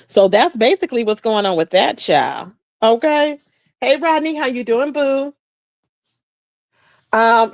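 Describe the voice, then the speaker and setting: Hosting a casual livestream, a woman from Texas gossips with her viewers, animated and chatty, calling them "child" and "boo." Her mid-range voice comes through clean studio sound with no echo.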